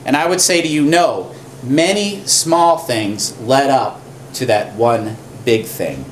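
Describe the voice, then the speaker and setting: A man preaching a sermon as a pastor, telling a story with animated, repetitive emphasis. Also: medium pitch, slow, a little hiss or hum. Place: church.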